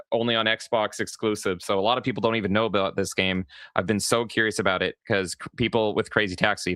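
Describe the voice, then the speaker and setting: A man co-hosting a gaming podcast in casual, excitable chat, swearing freely. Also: on the low side, clean tone, dry recording, clean studio sound. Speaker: podcast co-host.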